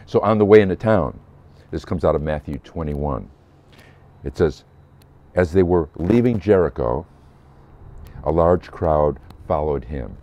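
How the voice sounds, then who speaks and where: A pastor with a low voice delivers a short Easter sermon in a warm, relaxed, unhurried manner with long pauses. He tells the story earnestly and briefly voices the people he quotes. The audio is a little dull, like a modest lo-fi recording.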